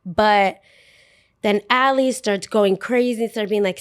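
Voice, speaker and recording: Young woman, casual podcast storyteller, animated delivery with quoted voices and lots of "like". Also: medium pitch, moderate pace, clean tone. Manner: animated, acts out quotes, heavy use of "like". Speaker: podcast guest.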